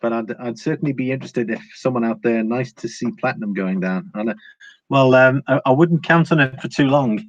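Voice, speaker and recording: Hosting a laid-back live stream, a man reads out comments from viewers and responds, often restarting and filling pauses. His voice is mid-range and steady, a little fast, with no echo. The sound quality is dull and lo-fi, with faint hiss.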